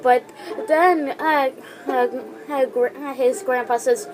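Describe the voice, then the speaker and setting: A woman's voice: high voice, steady tone, slow pace, background noise. A woman hosting a casual countdown video, talking hesitantly with many fillers and restarts. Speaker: video host. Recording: music playing behind the voice.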